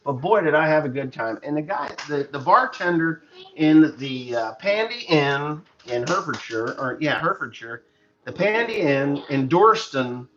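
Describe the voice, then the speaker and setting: Chatty american farmer on a lo-fi stream. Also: male voice, fairly high pitch, animated, moderate pace, a bit bright. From United States. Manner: chatty, joking storyteller. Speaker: farmer livestreamer. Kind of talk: rambling livestream chat. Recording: dull lo-fi sound with faint noise.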